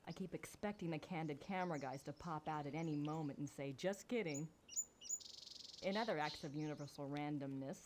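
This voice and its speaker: A woman's voice: low-pitched, a little mellow, slight background noise, natural voice. An actress playing a witty, sarcastic female shop assistant in a video game. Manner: sarcastic, wry.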